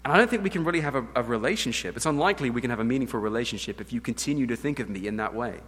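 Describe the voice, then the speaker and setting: English guy preaching, earnest, goes quiet then loud, big hall echo. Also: mid-range voice, lively intonation, rapid-fire. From England. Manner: earnest, emphatic preaching that swings from hushed to loud. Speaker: pastor. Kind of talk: sermon. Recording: long hall reverb.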